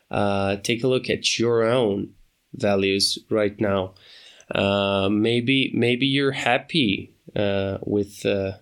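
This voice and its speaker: A man hosting his own podcast, talking off the cuff in a hesitant way, with many pauses and restarts. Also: mid-range voice. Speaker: podcast host. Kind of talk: unscripted solo podcast talk.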